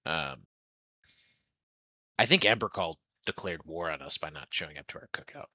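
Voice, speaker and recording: A man's voice: rumbling low, expressive, normal speed, bright, forceful tone, no room sound. A man chatting casually as a player in a tabletop game, joking, laughing often and swearing freely.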